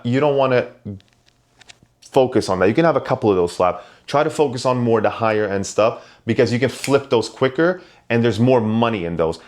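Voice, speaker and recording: A man who collects and sells Pokemon cards, giving loose, conversational advice to his viewers and often restarting his sentences. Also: fairly low pitch. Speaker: Pokemon card collector and vendor. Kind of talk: casual advice to camera.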